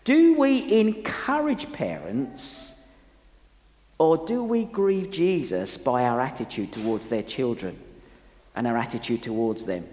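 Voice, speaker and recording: A man's voice: mid-range voice, big pitch swings, unhurried, darkish tone, in a large hall. An older man, a pastor, preaching an earnest sermon and telling stories from his own life. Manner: earnest, storytelling, with frequent restarts.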